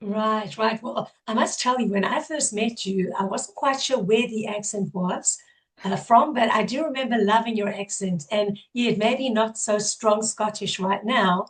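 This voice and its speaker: A woman with a South African accent hosting an interview podcast, a little hoarse, upbeat and effusive as she introduces her guest. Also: a little high, unhurried. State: partly lost voice, hoarse. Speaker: podcast host.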